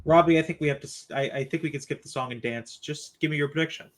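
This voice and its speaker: A man's voice: a little high, fast. A man hosting a sports podcast, chatting casually and asking his co-hosts for predictions. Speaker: podcast host.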